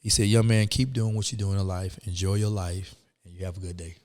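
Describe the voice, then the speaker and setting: A man's voice: low-pitched, a little fast, long reverb tail. A man, telling his story as a guest in a casual interview and acting out the people in it. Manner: animated, acts out quoted people.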